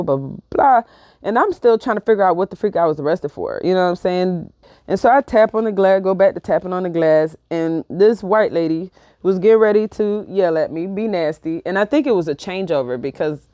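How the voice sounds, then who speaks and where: A woman's voice: medium pitch, dry recording. Slangy New woman telling a story. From New York. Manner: slangy, profane, animated retelling. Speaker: vlogger. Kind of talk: casual storytelling.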